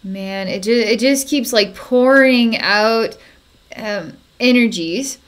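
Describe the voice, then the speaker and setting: A woman psychic narrating a distance energy healing in a halting way, with frequent fillers and soft chuckles. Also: fairly high pitch. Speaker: psychic healer.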